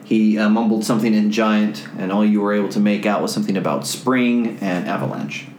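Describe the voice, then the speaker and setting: Casting: male game master narrating, relaxed, echoey room. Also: fairly low pitch, fairly quick, a little hiss or hum.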